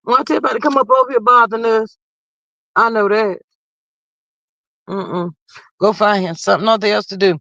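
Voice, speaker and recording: A woman's voice: a little high, expressive, moderate pace, pauses often, pushed and bright, no room sound, highs cut off. A woman hosting a casual live stream, talking straight to her viewers and reading out the chat in a folksy, chatty way.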